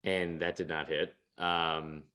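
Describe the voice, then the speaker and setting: A man's voice: sits low, little pitch movement, slow pace, pushed and bright. A young man co-hosting a sports podcast, chatting casually, rambling with lots of restarts and swearing. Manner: rambling, swears a lot, many restarts, laughs at himself. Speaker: podcast co-host. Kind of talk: casual chat.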